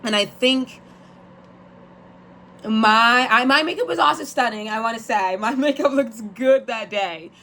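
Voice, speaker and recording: A woman's voice: fairly high pitch, a little slow, sharp tone, a little hiss or hum. A young woman vlogger chatting casually in a sassy, rambling, joking way. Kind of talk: casual chat.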